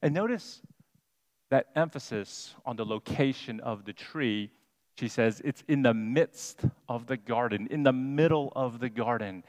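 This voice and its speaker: A man preaching a sermon as pastor, deliberate and emphatic, stressing single words. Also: medium pitch, a little mellow. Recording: long hall reverb.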